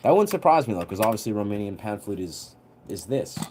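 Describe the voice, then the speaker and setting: A young man telling a story on a livestream in a relaxed, rambling way, full of fillers. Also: lowish voice, brisk, slight background noise. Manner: rambling, heavy on fillers, laid-back.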